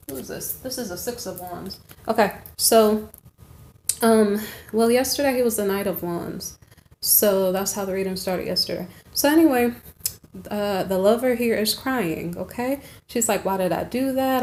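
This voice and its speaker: A woman's voice: mid-range voice, darkish tone, slight background noise. Chatty woman reading tarot cards. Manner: chatty, rambling, many asides and "okay?" checks. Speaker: tarot reader. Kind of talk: casual tarot reading monologue.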